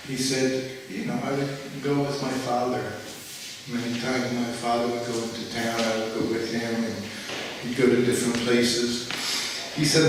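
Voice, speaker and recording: A man's voice: mid-range voice, flat delivery, normal speed, noisy background. Rambling man telling stories in an echoey hall. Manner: rambling, lots of "you know", laughs while telling. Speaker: storyteller recounting memories at a festival. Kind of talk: casual anecdotal storytelling to an audience. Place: large indoor festival hall. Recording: roomy hall, voice from far off.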